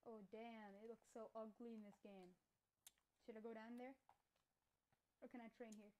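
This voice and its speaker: A woman chatting casually while playing a video game, jumpy and quick to yelp and laugh. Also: on the high side, slight background noise, rough recording. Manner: excitable, yelps and laughs often. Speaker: gamer. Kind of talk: casual gameplay chat.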